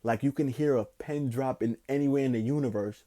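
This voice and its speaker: Casual and meandering, the young male podcast host tells stories in a low-key, mellow voice, cursing freely and using plenty of slang. His pace swings between drawling, thoughtful lulls and bursts of hyped-up excitement.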